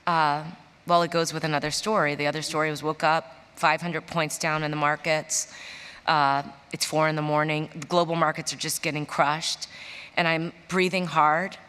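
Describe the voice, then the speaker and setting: A lower-pitched woman from Chicago tells her stories on a conference stage. She gets animated and acts out the people she quotes. Her voice carries the long reverb of a big hall. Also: normal speed, clear, resonant tone. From Chicago, USA. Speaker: interview guest, business executive. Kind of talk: storytelling in a stage interview.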